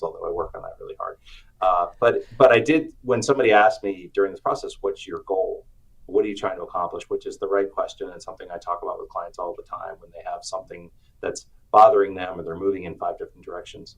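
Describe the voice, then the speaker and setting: A middle-aged man, an author being interviewed, telling personal stories with animated acted-out quotes. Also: sits low, low-quality recording. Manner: animated storyteller, acts out quotes. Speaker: author and guest. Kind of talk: storytelling interview chat.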